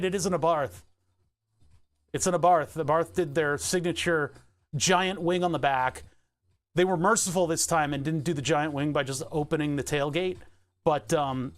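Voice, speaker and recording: Streamer type, American man, a bit nasal, slightly high voice, loose rambling chat. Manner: rambling, chatty, laughs often. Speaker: livestreamer. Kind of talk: casual live-stream chat while working.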